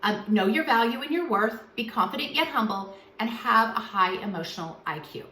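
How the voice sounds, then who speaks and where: A woman's voice: on the high side, lively intonation, normal speed, bright, forceful tone, roomy sound. A woman relationship coach giving earnest, emphatic advice straight to camera in a vlog.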